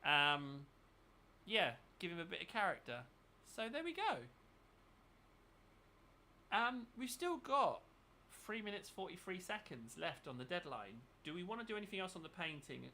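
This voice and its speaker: A man's voice: sits high, very animated, moderate pace, sharp tone. A man chatting casually and thinking aloud as he paints for his channel. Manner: thinks aloud, mutters while working. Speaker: miniature painting channel host. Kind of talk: casual chat while painting.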